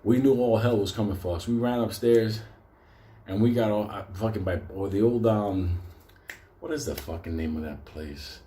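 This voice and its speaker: A man with a New York accent telling a wild story with constant swearing, getting loud and excited at the scary parts. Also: on the low side, normal speed, roomy sound. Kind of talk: profane comic storytelling.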